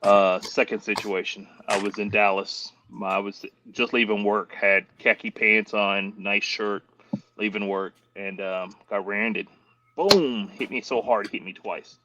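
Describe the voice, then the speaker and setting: A male guest on a casual chat stream telling animated stories and acting out the voices of other people. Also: fairly low pitch, a little slow. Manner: animated, acts out quoted voices. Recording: dull lo-fi with faint hiss.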